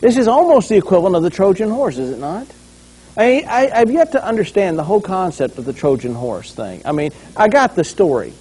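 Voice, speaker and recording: A man's voice: high-pitched, fairly quick, breathy edge. A man preaching a conversational sermon as a pastor, acting out scenes along the way. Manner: animated, conversational, acts out scenes.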